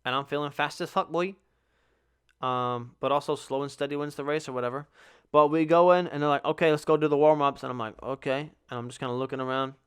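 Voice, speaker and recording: A man's voice: medium pitch, quick pace, a bit bright, smooth. A young man hosting a podcast, telling a rambling, profane, self-mocking story about being bad at sports in a casual solo chat. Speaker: podcast host.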